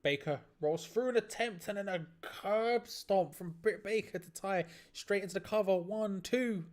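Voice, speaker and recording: A man hosting a live stream, giving excitable play-by-play reactions to a match, laughing often and restarting his phrases. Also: high voice, normal speed. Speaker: watch-along stream host.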